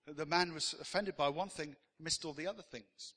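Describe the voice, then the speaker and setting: A man's voice: fairly high pitch, fairly quick, few pauses, sharp tone, big-room sound. A man preaching a sermon as pastor, telling stories in a conversational way with frequent "uh" fillers.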